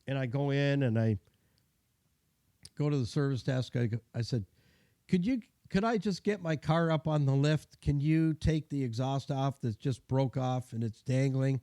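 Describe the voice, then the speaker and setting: Chatty mechanic with a mellow voice. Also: male voice, medium pitch, moderate pace, no room sound, clean studio sound. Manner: chatty, self-deprecating, acts out the people in his story. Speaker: mechanic giving car care tips. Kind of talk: casual storytelling and advice.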